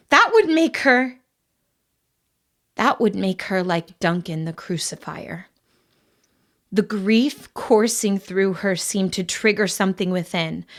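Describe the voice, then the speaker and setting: A woman narrating a young adult fantasy audiobook in a calm, even storytelling manner. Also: on the high side. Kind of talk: scripted narration.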